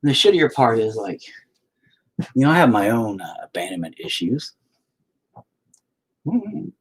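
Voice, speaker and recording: Young male streamer, low husky voice, lively swings in pitch, rambling and profane. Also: unhurried. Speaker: livestreamer painting while chatting. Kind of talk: casual stream chat. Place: home, indoors.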